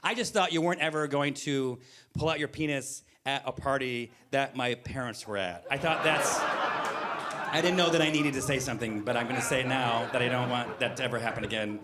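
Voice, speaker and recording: A man voicing his wife as a stern, unimpressed woman who scolds him flatly. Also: medium pitch, a little fast, voice pushed down, natural voice. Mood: scolding.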